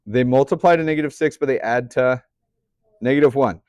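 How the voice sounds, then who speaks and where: A man's voice: mid-range voice, fairly quick, a little mellow, dry recording, studio quality. A young man teaching a math class, chatty, often putting questions to the students. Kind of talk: classroom lecture.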